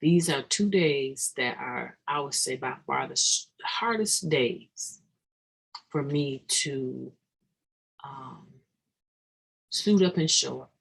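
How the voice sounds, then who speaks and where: Slow husky gravelly voice, recovery talk, earnest and halting, keeps restarting then pushes hard on a point. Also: medium pitch, a bit bright, low-quality recording. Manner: halting, earnest, restarts mid-thought, emphatic bursts. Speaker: recovery meeting speaker. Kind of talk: reflective daily meditation talk.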